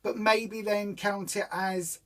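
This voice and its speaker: A woman's voice: medium pitch, fairly even intonation, takes it slowly, a bit bright. A woman hosting a weight-loss group's live stream, chatting casually, reading out viewer comments and poking fun at her own bad puns. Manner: chatty and rambling, self-mocking about bad puns.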